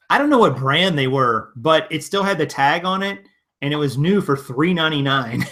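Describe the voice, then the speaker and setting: A man's voice: fairly high pitch, bright, forceful tone. A man from Virginia hosting a casual live stream, answering viewer comments in a rambling, conversational way full of restarts. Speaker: live-stream host and reseller.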